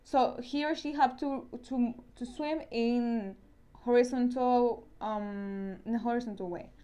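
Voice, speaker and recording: Woman teacher, Spanish accent, slightly high voice, careful explainer who repeats herself. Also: fairly even intonation, measured pace, mellow, clear, resonant tone. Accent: Spanish-speaking. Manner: explains step by step, often repeats and restarts words. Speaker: science teacher. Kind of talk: recorded online science lesson.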